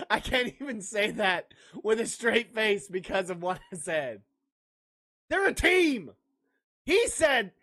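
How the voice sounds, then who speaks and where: A man's voice: high-pitched, sing-song, takes it slowly, pauses often, pushed and bright. A man hosting a livestreamed sports podcast, talking brashly and ranting back at his chat. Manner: brash, ranting, blurts dismissive outbursts; jokey, laughs at own lines.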